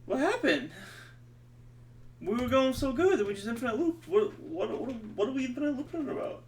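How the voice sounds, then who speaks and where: A man's voice: very high-pitched, very animated, normal speed, darkish tone. Man muttering to himself while coding. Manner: muttering to himself, exasperated, swears casually. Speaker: streamer coding on camera. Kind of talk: thinking aloud while coding. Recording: distant mic with faint background noise.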